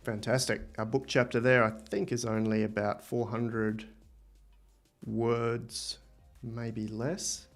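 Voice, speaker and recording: A man with an Australian accent hosting a live software demo, thinking aloud with enthusiasm as he types and explains. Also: medium pitch, little pitch movement, slow, creaky, faint music behind. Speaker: livestream host.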